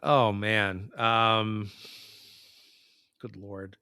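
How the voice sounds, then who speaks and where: Bright-voiced rambling man co-hosting. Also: lowish voice, flat delivery, drawn-out words, clean tone, dry recording, clean studio sound. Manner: rambling, hesitant, many fillers. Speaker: podcast co-host. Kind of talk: casual chat.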